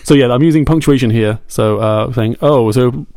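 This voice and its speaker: A man's voice: medium pitch, brisk, darkish tone, no echo, clean studio sound. A man co-hosting a podcast in casual chat, playful and reading his messages aloud in a mock-dramatic way. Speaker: podcast co-host.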